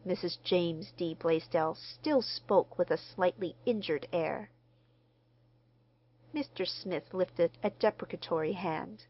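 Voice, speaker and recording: A woman narrating an audiobook in a measured, expressive reading. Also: on the low side, dull audio. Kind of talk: scripted narration.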